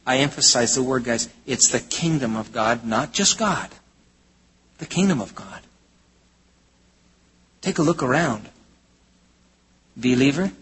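A man preaching a sermon from the United States, in an emphatic style that swings between loud exclamations and low, intense statements. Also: husky. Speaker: pastor. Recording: hall reverb.

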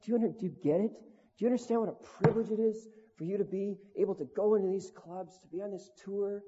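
A man voicing Jesus, who asks slow, probing questions over and over. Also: high-pitched, fairly even intonation, mellow, slightly rough. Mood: searching. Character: gentle, searching voice of Jesus, male. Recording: lo-fi recording in a long-echo hall.

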